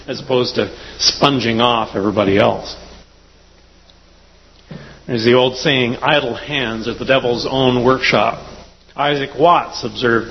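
Guy preaching, measured and dry, kinda muffled lo-fi recording. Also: medium pitch. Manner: measured with dry wry asides. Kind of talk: sermon. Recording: dull lo-fi recording with long reverb.

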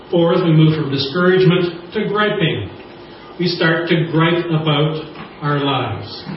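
A man's voice: on the high side, slight background noise. A man preaching a sermon as pastor, prompting the congregation to repeat lines back to him. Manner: preaching with call-and-response prompts. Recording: echoey church hall from far off, dull sound.

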